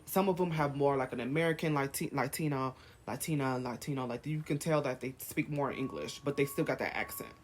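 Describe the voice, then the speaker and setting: A man's voice: medium pitch, fairly quick, few pauses, a little hiss or hum. A man vlogging, firing off heated rhetorical questions in a rant to camera. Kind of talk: ranting to camera.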